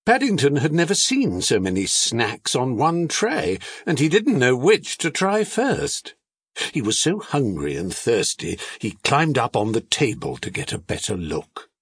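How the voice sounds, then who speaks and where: A man narrating a children's storybook audiobook in an expressive storytelling manner. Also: medium pitch, measured pace, husky, no echo, studio quality.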